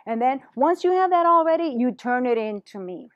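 A woman's voice: high-pitched, animated, a little fast, muffled recording. A woman presenting a teacher-training workshop, talking animatedly and dropping in Spanish phrases.

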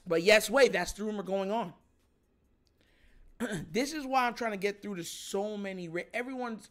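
A man hosting a sports show, ranting in animated, filler-heavy commentary about his team. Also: sits high, moderate pace, pauses often. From Jamaican family.

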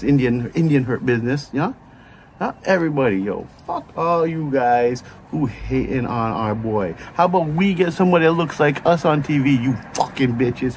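A man's voice: mid-range voice, a little mellow. Profane ranting man, noisy recording. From Canada. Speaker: YouTube reaction host. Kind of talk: profane fan reaction rant.

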